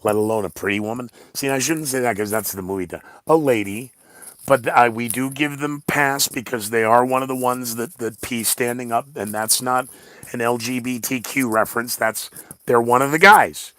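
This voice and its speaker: Male podcast host, blunt rambling talker with sarcastic asides, average pitch, recorded dry with no room echo. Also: moderate pace, fairly bright tone. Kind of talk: rambling solo podcast monologue.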